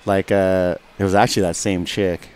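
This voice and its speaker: A man's voice: sits low, little pitch movement, normal speed, a crowd in the background. A man telling a rambling, profane story in casual radio chat, acting out what people said. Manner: profane, rambling, acts out quotes. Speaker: guest fighter.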